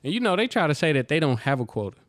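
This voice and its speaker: A man's voice: a little high, sing-song, racing, no echo. A man hosting a podcast in casual chat, loose and slangy, laughing often. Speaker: podcast host.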